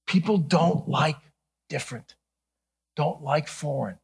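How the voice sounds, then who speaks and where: Husky male pastor from Ohio, middle-aged, earnest sermon with jokes, voice sits on the high side. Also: slow. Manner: earnest, then playfully animated with jokes. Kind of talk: sermon with humorous asides.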